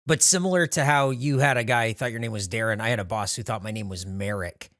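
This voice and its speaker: A man's voice: fairly low pitch, quick pace, a bit bright, no room sound, clean studio sound. A man telling an anecdote on a podcast in a sheepish, laughing way. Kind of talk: casual chat.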